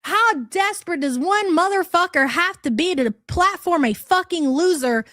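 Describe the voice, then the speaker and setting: A woman's voice: extremely high pitch, expressive, normal speed, pushed and bright, no room sound, studio quality. A woman hosting a livestream, ranting aggressively with heavy swearing and sarcasm. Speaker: livestream commentary host. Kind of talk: profane livestream rant.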